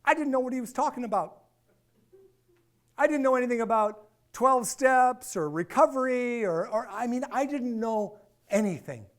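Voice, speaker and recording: A middle-aged man giving a personal storytelling talk, animated and acting out the dialogue. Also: very high voice, normal speed. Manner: animated, acts out dialogue, repeats phrases for effect. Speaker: speaker and author.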